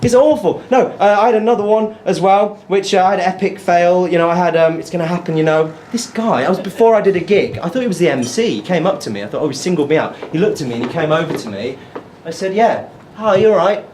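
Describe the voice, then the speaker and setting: A man's voice: high voice, fast talker. A British man performing a stand-up comedy set, telling stories and chatting with the crowd. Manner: animated, excitable storytelling. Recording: live set with clear background noise.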